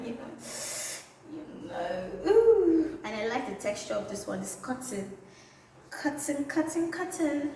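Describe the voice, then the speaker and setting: Playful nigerian girl vlogging, kinda high voice, slow drawn-out talk, echoey room. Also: a little hiss or hum. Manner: playful and excitable, drawn-out catchphrases. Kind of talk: casual vlog showing items to camera. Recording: very echoey room, slightly distant mic.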